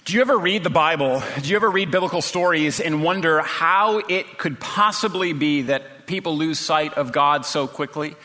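A man's voice: on the high side, moderate pace, hardly any pauses, pushed and bright, in a large hall. A man preaching a sermon as pastor, earnest and full of rhetorical questions.

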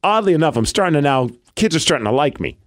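A man co-hosting a podcast, telling wrestling stories in casual chat, animated and laughing as he talks. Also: a little high, fast, no room sound, clean studio sound.

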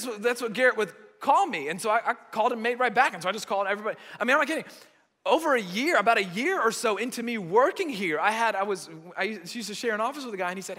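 A man's voice: sits high, very animated, fast, pushed and bright, in a large hall. An American man preaching a conversational sermon, repeating phrases for emphasis. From United States. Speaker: pastor.

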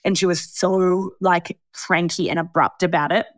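A woman's voice: lowish voice, fairly even intonation, moderate pace, no room sound, studio quality. Chatty, swearing Australian woman. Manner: chatty storyteller, swears freely, laughs often. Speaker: podcast host. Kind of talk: casual chat.

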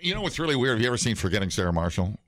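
Co-host, male, very low voice with a lively, swinging delivery, loose chatty riffs, dry close sound. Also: very fast, no room sound. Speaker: podcast co-host. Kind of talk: casual chat.

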